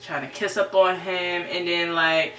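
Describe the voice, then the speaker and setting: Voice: mid-range voice, level tone, a little slow, sharp tone, soft background music. A TV series reviewer giving a casual, chatty episode recap, full of "right?" and "you know". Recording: roomy, distant mic, faint hum.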